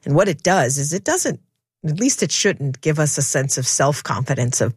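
A woman with a lowish voice hosts a faith-based call-in radio show. She speaks encouragingly to callers, and her sound is close and dry in the studio. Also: expressive, moderate pace, husky, no echo. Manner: warm-hearted, encouraging, faith-centered.

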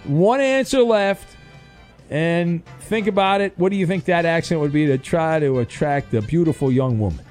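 A man hosting a call-in game show on his radio show, animated and jokey, stumbling over fillers. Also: a little high, normal speed, faint music behind.

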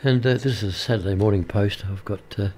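An older man chats on air from a radio studio, his voice sitting fairly low. He rambles easily, filling pauses with ums and uhs and restarting his sentences as he goes. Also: a little mellow, a little hiss or hum. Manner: rambling, many fillers and restarts. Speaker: radio presenter. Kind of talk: casual radio chat.

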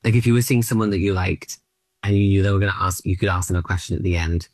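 A comedian from Australia in his late thirties talks in a low voice that sounds close and dry. He rambles playfully, filling his sentences with likes and ums. His delivery is loose and chatty. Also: fast talker, no echo. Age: late 30s. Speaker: stand-up comedian guest. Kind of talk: casual interview chat.

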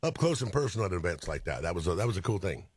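A man's voice: low voice, very animated, very fast, breathy edge, no echo. A man co-hosting a radio show, chatting in a rambling, loose way and laughing often. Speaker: radio co-host. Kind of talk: casual studio chat.

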